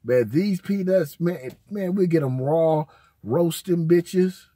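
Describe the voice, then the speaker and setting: Man, casual storyteller, profane, slangy, husky voice, dry sound. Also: a little high, slow, warm tone, dry recording. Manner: profane, rambling, heavy slang. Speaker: channel host.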